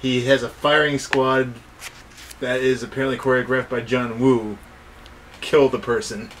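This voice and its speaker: A man's voice: medium pitch, level tone, measured pace. A man with an ordinary mid-range voice chimes in with dry, dismissive remarks. A faint hiss of noise sits under his voice. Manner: wry, dismissive commentary. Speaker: co-host. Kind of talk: casual review chat.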